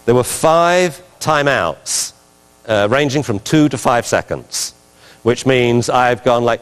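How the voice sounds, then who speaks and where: A man lecturing on dog training in a big hall, his voice trailing off into a long reverb. He talks in an animated way, jumping into bits of acted commands to a dog. His pitch sits in an ordinary middle range. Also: unhurried. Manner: lively, acts out commands to the dog. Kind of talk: lecture with video commentary.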